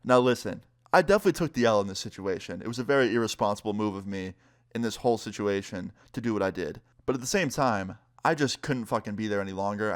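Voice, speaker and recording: A young man telling a storytime vlog in a casual, profane way, full of fillers. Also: medium pitch. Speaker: vlogger.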